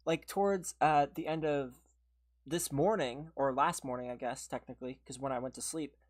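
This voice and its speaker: Woman streamer with a low voice, casual and exasperated, lots of "like". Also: moderate pace, darkish tone. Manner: venting, exasperated, heavy use of "like". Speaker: livestream gamer. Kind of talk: casual livestream chat.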